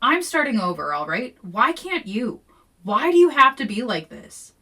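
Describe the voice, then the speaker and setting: Podcaster doing an exasperated teen girl snapping back, bright edgy tone, a bit off-mic. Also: fairly high pitch, very animated, moderate pace, recorded from a distance, voice pushed up, heavily acted.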